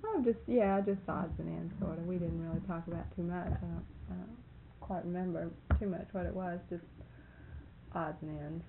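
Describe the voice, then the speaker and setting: Woman, low gravelly voice, folksy rambling storyteller, tinny phone line with faint hiss. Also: fairly even intonation, moderate pace. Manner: folksy, rambling, laughs often. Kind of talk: casual storytelling.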